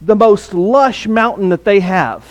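A man's voice: high-pitched, a little slow. A man preaching a sermon in a conversational way, with fillers and restarts.

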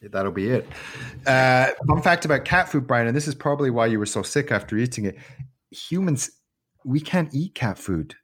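A man co-hosting a loose, chatty podcast. His voice sits at an ordinary middle pitch, and he swears freely, jokes and slips into voices for the people in his stories. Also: lively intonation, normal speed, fairly bright tone, slightly rough. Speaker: podcast co-host. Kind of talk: casual chat.

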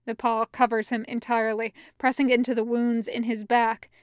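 A woman reading fan fiction aloud as a podfic, in a steady, even narration. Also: a little high, normal speed, no echo, clean studio sound. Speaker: podfic reader.

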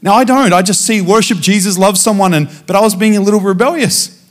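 A man preaching as a guest speaker, telling a personal testimony in a lively storytelling way and acting out the dialogue. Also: sits high, quick pace. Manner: animated storytelling, acting out dialogue with frequent restarts.

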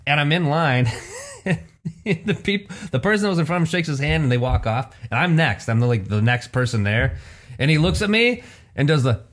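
A man's voice: fairly high pitch, expressive, fairly quick, a bit bright. A man telling a self-mocking story in casual chat, swearing and laughing at himself.

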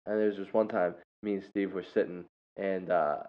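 A young man with a lowish voice tells a rambling, funny anecdote in a relaxed, casual way, cracking up as he goes. The recording is dull and lo-fi. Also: normal speed. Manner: laughs often, bursts into loud impressions. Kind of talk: casual storytelling. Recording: dull lo-fi sound.

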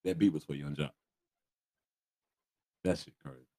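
A man with a very deep voice, sounding congested as he co-hosts a casual album review. He talks in laid-back slang and trails off mid-thought. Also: steady tone, measured pace, dark tone. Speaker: podcast co-host.

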